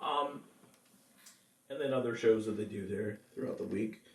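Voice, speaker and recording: A man's voice: lowish voice, moderate pace. A man, a singer-songwriter, chatting casually with viewers between songs, rambling and laughing often. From California. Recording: echoey room, mic at a distance.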